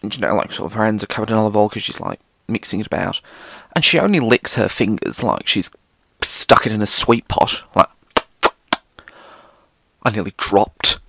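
A man's voice: on the low side, moderate pace, creaky, a bit bright, husky. A British man hosting a solo podcast, rambling casually and theatrically, swearing often. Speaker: podcast host.

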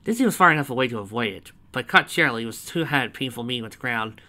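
Bright-voiced man reading fanfiction. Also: medium pitch, lively intonation, quick pace. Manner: chatty asides between narration. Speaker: narrator. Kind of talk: reading fanfiction aloud with casual asides.

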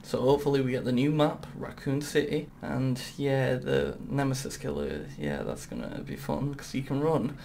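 Excitable swearing gamer, gravelly. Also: male voice, mid-range voice, normal speed, hardly any pauses, slight background noise. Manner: excitable, swears often, talks to the game. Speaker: gaming YouTuber. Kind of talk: casual gameplay commentary.

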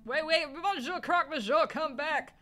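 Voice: high-pitched, normal speed, pushed and bright, faint music behind. A player voicing a hot-tempered male falcon lawyer who snaps back indignantly. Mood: scheming. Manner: indignant, snappy.

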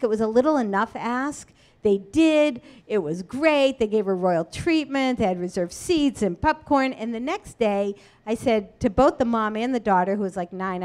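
A woman lawyer addresses a meetup audience in an earnest, conversational way with quick asides. Her voice sits fairly high for a woman. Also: a little mellow. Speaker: disability rights lawyer and speaker. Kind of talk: meetup talk and Q&A answers. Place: meetup room before an audience.

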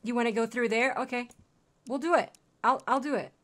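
A woman's voice: on the high side, a little fast, a bit bright. A young woman streaming a game, chatting casually and cooing at her in-game pets. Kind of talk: casual gameplay commentary.

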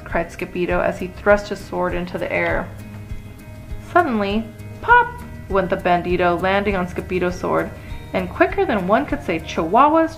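A woman reading a children's picture book aloud in an expressive, playful way. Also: normal speed, soft background music, low-quality recording. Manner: expressive, playful, lots of pitch swings. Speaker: storyteller.

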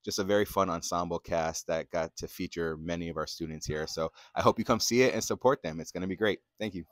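A man's voice: low voice, fast, no room sound. A man who is a school theater advisor and producer, talking in a casual, friendly way to promote a show.

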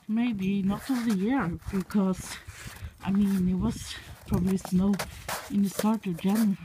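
A woman's voice: medium pitch, unhurried, long pauses, mellow, slight background noise, low-quality recording. A Norwegian woman with a Norwegian accent chatting casually into her phone outdoors in the snow, giggling and using baby talk with her puppy. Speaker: vlogger. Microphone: phone held in hand.

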